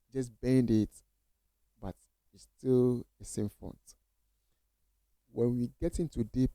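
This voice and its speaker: A man's voice: mid-range voice, warm tone, no room sound, poor audio. A man teaching coding basics in a casual screen-share tutorial, repeating phrases and reassuring viewers with many okays.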